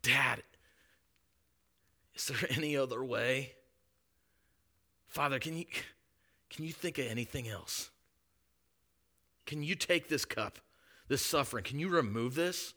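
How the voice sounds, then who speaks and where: A preacher lends his own bright voice to Jesus, an anguished man who pleads in prayer and then submits. The tone rings clear and carries earnest pleading. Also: mid-range voice, measured pace, pauses often.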